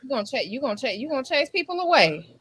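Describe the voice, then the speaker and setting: Bright animated woman chatting. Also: high-pitched, a little hiss or hum. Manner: animated storyteller, quick bursts. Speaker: podcast co-host. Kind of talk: casual chat.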